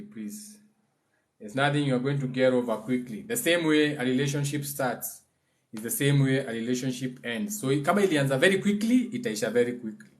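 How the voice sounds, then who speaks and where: A man with a Kenyan accent, a spiritual teacher giving a casual livestream lesson, explaining in a loose, chatty way and now and then chanting phrases slowly. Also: mid-range voice.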